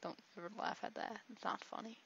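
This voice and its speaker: A woman's voice: medium pitch, fairly even intonation, brisk, vocal fry, a bit bright, breathy edge. A woman giving casual, rambling let's-play commentary, joking and talking to herself as she plays. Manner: rambling, jokey, talks to herself. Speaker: gameplay commentator. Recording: dull lo-fi recording.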